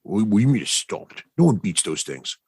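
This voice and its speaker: Man doing deep grumbly goblins. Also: sing-song, fairly quick, darkish tone, slightly rough, no echo, clean studio sound, full character voice. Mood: worried. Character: gruff male goblins muttering behind a door.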